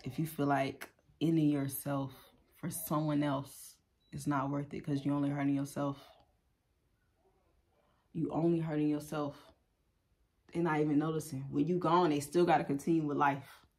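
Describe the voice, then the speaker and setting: A woman's voice: low-pitched, little pitch movement, moderate pace, long pauses, darkish tone. Blunt, profane woman reading tarot. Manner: blunt and profane, loose and chatty. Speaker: tarot reader.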